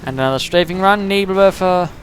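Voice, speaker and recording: A man giving chatty play-by-play commentary on a strategy game match, getting excited at the big moments. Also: sits high, fast talker.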